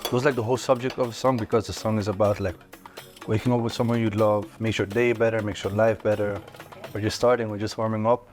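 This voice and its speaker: A man's voice: on the low side, fairly even intonation, fast, a little mellow, soft background music. A young man and singer chatting playfully while tasting breakfasts, laughing often and joking around. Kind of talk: casual food-tasting chat.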